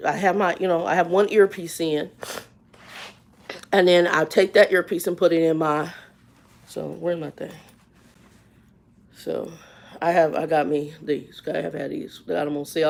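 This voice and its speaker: With a fairly low, creaky voice, a woman in her fifties spins a story during a live stream. Her delivery is folksy and plain, shifting from loud outbursts to quiet asides.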